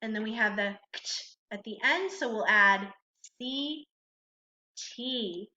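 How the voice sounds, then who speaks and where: A woman's voice: a little high, sharp tone. A woman teacher giving a spelling lesson, dictating words and sounding them out syllable by syllable. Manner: slow, deliberate, sounding out syllables. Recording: echoey room, dull lo-fi sound.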